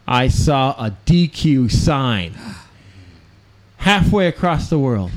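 Man doing a rambling gruff pep-talker. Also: mid-range voice, sing-song, slow. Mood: rousing. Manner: rambling, gravelly, theatrical. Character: gruff adult man giving an ice cream pep talk. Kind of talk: improv sketch comedy.

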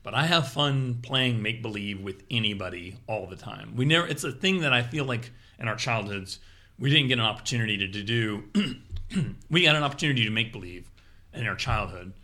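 A man chatting casually on a podcast about improv, animated and quick to laugh. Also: mid-range voice. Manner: animated, laughs often, jumps into playful quoted voices. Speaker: improv performer, podcast guest.

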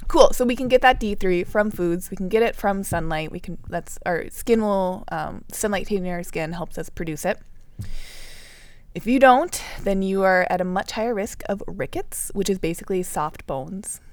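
A woman's voice: mid-range voice, moderate pace, dry recording. Laughing woman podcast host, dry sound. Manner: explanatory, laughs often. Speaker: podcast co-host explaining nutrition. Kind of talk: casual podcast chat.

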